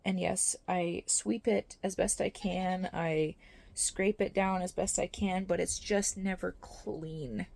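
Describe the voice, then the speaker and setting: A woman's voice: fairly low pitch, steady tone, slow pace, creaky, a little mellow. A young woman vlogging about her small farm, talking in a tired, tearful, rambling way as she cries. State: crying. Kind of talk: candid vlog monologue.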